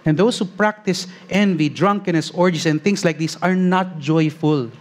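A man preaching a sermon as pastor, earnest, slowing on key phrases and rising as he reads scripture aloud. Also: on the high side.

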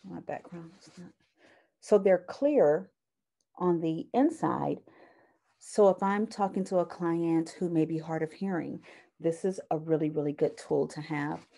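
A woman's voice: deep voice, unhurried, vocal fry, dark tone. A woman, a counseling professor, giving a recorded university lecture in a conversational way, often correcting herself and showing items to the camera. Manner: conversational, frequent fillers and self-corrections; shows items to the camera while teaching.

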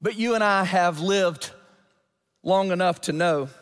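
A male pastor telling a story in a sermon, animated and building to emphatic peaks. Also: high-pitched, unhurried. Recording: long church hall reverb.

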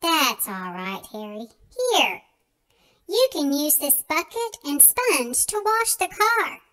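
A woman's voice: high-pitched, sing-song, slow pace, pushed and bright, heavily acted. A woman reading a storybook, voicing a good-natured father in a kindly, forgiving way.

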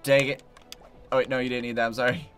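A woman's voice: extremely low pitch, steady tone, quick pace, faint music behind. A woman streaming a co-op cooking game, chatting casually in a playful, teasing way. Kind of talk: casual gameplay chat.

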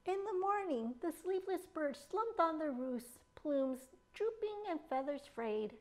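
Children's librarian, woman, storytime read-aloud, high voice that swings a lot, slow and deliberate. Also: lively intonation, a little mellow.

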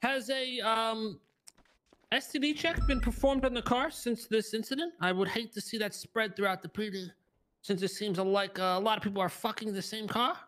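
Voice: mid-range voice, steady tone, normal speed, fairly bright tone, natural voice. A player voicing a pushy reporter in improvised game role-play, asking needling, sarcastic questions. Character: pushy press reporter grilling police.

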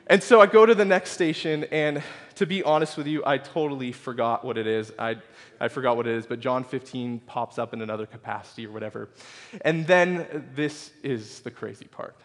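A male pastor preaching a sermon, telling a personal story that swings between loud, excited passages and hushed, soft ones. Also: mid-range voice, fairly quick. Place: church sanctuary. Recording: long reverb of a church hall.

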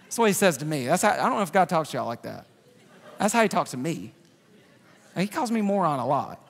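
A man preaching a sermon in a church, animated and joking, with loud outbursts. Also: a little high, fairly quick, gravelly. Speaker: pastor. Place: large church sanctuary. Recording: reverberant church hall.

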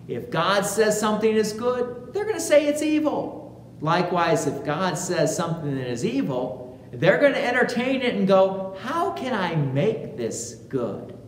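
A pastor delivers a sermon at an unhurried, deliberate pace, with a voice that rises and falls widely. The words ring through a large, reverberant church sanctuary, with a faint hum of room ambience underneath. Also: medium pitch. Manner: slow, deliberate preaching with animated voiced quotations.

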